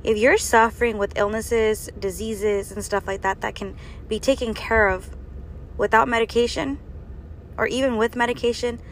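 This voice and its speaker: A woman's voice: on the high side, steady tone, moderate pace, slight background noise. Woman preaching in rhetorical questions. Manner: rhetorical questions, earnest and exhorting. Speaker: faith and health speaker. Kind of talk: preaching monologue.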